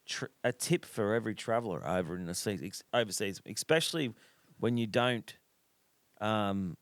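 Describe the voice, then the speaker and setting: A man's voice: fairly low pitch, no echo. A man with an Australian accent hosting a podcast, telling a rambling, swear-heavy story in casual chat. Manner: swears constantly, animated, drops into quoted voices. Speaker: podcast host.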